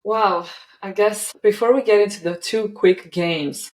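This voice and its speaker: A woman's voice: medium pitch, fairly even intonation, unhurried, poor audio. A woman hosting a podcast interview, effusive and enthusiastic, often restarting her sentences. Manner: effusive, stumbles over words. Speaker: podcast host. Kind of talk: casual interview chat.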